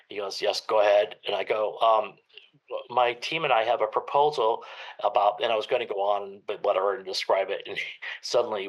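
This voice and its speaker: Older guy with a gravelly voice, doctor telling old stories on a podcast, laughs a lot and does the voices. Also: mid-range voice, poor audio. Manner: animated anecdotes, acts out quoted voices, laughs often. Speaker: guest, EMS medical director. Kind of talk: storytelling interview.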